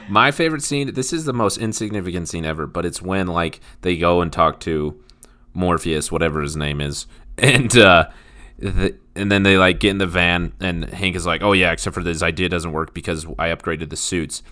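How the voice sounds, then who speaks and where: A man co-hosting a podcast in casual chat, excitable and laughing, jumping into a high voice when he quotes lines. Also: moderate pace. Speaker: podcast co-host.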